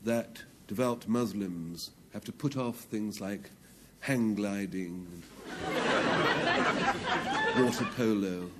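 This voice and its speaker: A man's voice: fairly low pitch, slow, a loud crowd, heavy background noise. A man captaining a panel game team, hesitant and chuckling as he bluffs definitions. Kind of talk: playful panel game banter.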